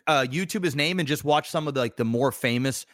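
A man co-hosting a casual podcast, telling stories excitedly and swearing often, calling his friend "bro" and "dude". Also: mid-range voice, fast talker, dry recording, clean studio sound. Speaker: podcast co-host. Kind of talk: casual chat.

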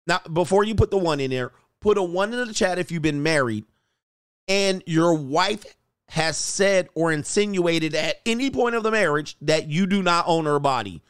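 A man's voice: on the high side, normal speed, clean tone, no echo, studio quality. A middle-aged man hosting a casual livestream, reading chat comments and acting out quoted lines, laughing often. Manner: laughs often, loose and animated, acts out quoted voices.

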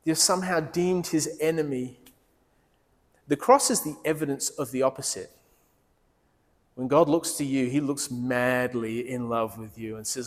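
A man preaching a sermon in a church, earnest, dropping low and soft when he quotes Jesus. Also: unhurried. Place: church hall. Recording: long reverb of a large hall.

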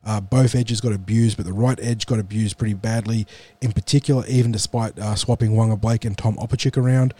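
A man hosting a casual sports podcast, sounding nasal from the flu and talking in a measured, explanatory way. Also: on the low side, steady tone, dark tone. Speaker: podcast host.

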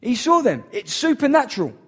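High-voiced earnest male preacher. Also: wildly swooping pitch, brisk, fairly bright tone, breathy edge. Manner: earnest, emphatic, repeats key phrases. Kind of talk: sermon.

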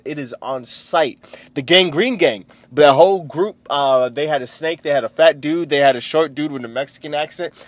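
A swaggering young man from the United States tears through a comedic rant, cursing freely and wandering from bit to bit. His voice sits a touch higher than most men's, and it is recorded close and dry, with no room sound. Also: a bit bright, dry recording. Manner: profane, rambling, swaggering.

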